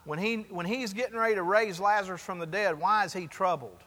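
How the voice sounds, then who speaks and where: A man's voice: high-pitched, brisk, pushed and bright, long reverb tail. A man, the pastor, preaching a sermon and asking the congregation for responses as he goes. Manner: preaching with call-and-response asides.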